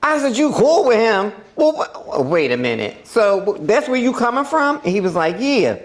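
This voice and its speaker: Woman, podcast host, casual storytelling, profane, lively swooping pitch, acts out quotes. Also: normal speed.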